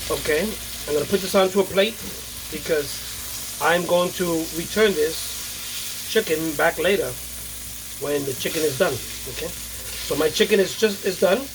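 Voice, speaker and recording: A man's voice: a little high, a little slow, pauses often. A man hosting a casual home cooking demonstration, talking the viewer through each step with many fillers and okays. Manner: chatty, repeats himself, many fillers and okays. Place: home kitchen with sizzling pan and running water. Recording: noisy kitchen with sizzling pan. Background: frying sizzle and running water.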